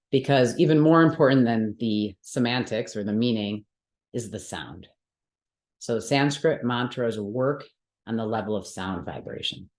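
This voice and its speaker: A woman whose voice is rumbling low and darkish is teaching Sanskrit mantras in a workshop. Patient and methodical, she explains each rule step by step and keeps checking in with the class; the room sounds roomy and echoey.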